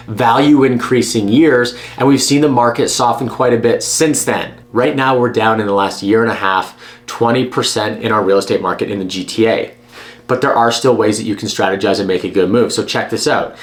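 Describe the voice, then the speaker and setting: Blunt, emphatic man giving advice. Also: medium pitch. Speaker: real estate agent. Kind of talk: direct-to-camera advice vlog.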